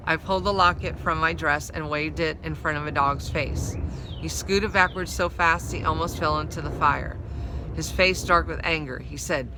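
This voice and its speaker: A woman's voice: low-pitched, normal speed, noisy background. A woman reading a novel aloud, narrating steadily in the first person. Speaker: storyteller.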